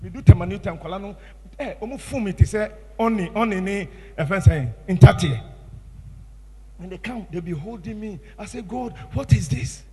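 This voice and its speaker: A man with a Ghanaian English accent preaching a sermon as pastor, impassioned, swinging from hushed tones to shouts. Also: sits high, fairly quick, husky, long reverb tail.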